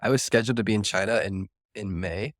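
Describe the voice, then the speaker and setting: A young man hosts a laid-back podcast chat, quick and playful. His voice is somewhat low and he talks at a rapid clip. The recording is dry and close. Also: no echo. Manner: fast, joking, playful. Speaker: podcast host. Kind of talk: casual chat.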